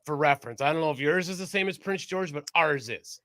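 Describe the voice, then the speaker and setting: A man co-hosting a podcast in casual chat, animated, laughing often and swearing freely. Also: fairly high pitch, quick pace, no echo, studio quality. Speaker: podcast co-host.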